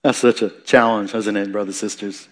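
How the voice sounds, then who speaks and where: Male pastor mid-sermon; conversational, self-correcting, swells loud then drops quiet. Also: on the low side, steady tone, brisk. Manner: dynamic preaching, rising for emphasis and dropping soft.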